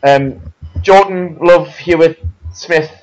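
A man's voice: on the high side, slow, muffled recording, a little hiss or hum. A man co-hosting a casual film chat, emphatic and often searching for words. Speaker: podcast co-host.

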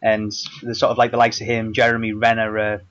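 A man's voice: fairly low pitch, completely flat delivery, a little fast, fairly bright tone, dull audio. A man co-hosting a casual film chat, laid-back and teasing. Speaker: podcast co-host.

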